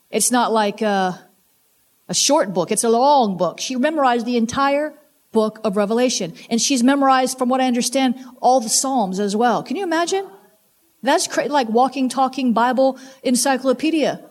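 High-voiced woman preaching emphatically. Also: normal speed. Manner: emphatic, repetitive exhortations. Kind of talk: sermon.

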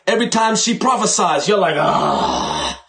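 A man preaching a sermon in a lively, conversational way, dropping into slow, emphatic phrases. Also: on the high side. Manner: animated, conversational preaching with sudden slowdowns for emphasis.

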